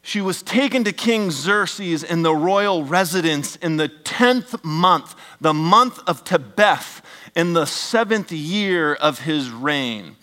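A middle-aged pastor delivering a sermon in a somewhat high voice. He is animated, drops his voice to near-whispers for effect and throws in joking asides to the congregation. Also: slow pace. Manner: animated, swings from loud emphatic bursts to hushed near-whispers.

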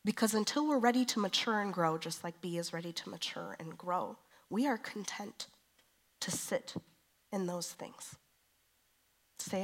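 A woman in her thirties preaches a sermon conversationally, with a medium pitch and a measured pace. She moves from quiet confession to emphatic declaration.

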